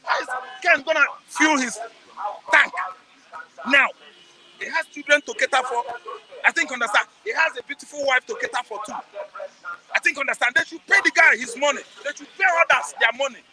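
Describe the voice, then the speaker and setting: A middle-aged Nigerian man speaks briskly in a very high-pitched voice, broken by long pauses, during a passionate street interview. He preaches, repeats himself for emphasis, shouts now and then, and raises rhetorical questions. It's a low-quality recording.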